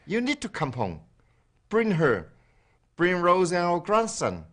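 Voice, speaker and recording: A man's voice: high voice, wildly swooping pitch, a little slow, a bit bright, heavily acted. An actor playing an upset, worried father who reproaches and pleads with his son in a radio drama for learners. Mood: pleading.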